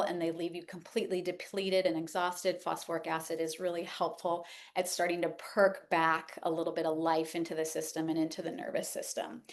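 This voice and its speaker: A middle-aged woman teaching in a conversational lecture, with many fillers and "like". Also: mid-range voice. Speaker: homeopathy educator. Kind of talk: informal lecture.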